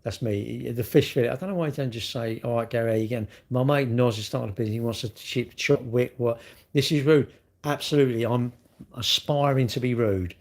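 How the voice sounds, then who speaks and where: A man's voice: medium pitch, brisk. A middle-aged man, chatting bluntly and mockingly as he reads comments on a live stream. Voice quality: gravelly, husky. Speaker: livestream host reading comments. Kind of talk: casual live-stream chat.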